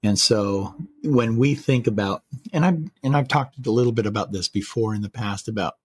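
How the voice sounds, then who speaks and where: A man hosting a podcast, retelling a personal story in casual chat, measured and full of quoted dialogue. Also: lowish voice, breathy edge, dry recording.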